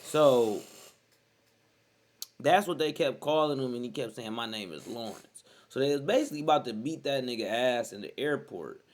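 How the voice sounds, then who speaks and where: A young man hosting a reaction video, giving blunt, slangy commentary with excitable outbursts. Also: medium pitch, normal speed.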